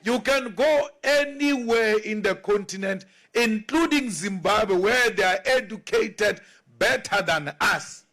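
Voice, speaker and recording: A man's voice: high-pitched, slow pace, gravelly, few pauses, pushed and bright. A South African man giving an emphatic political speech as a party leader, repeating lines and asking rhetorical questions.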